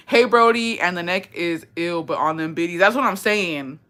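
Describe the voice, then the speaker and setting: A woman's voice: fairly low pitch, normal speed. Young woman swearing and chatting animatedly. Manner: animated, swears a lot, mixes in Spanish words; bursts of laughter and dramatic reactions. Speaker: host reading viewer stories. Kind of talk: casual chat.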